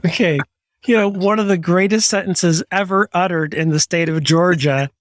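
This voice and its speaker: A man hosting a podcast interview, playful and teasing, with quick asides. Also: sits high, steady tone, dry recording. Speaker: podcast host. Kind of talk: casual interview chat. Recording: dry, close sound.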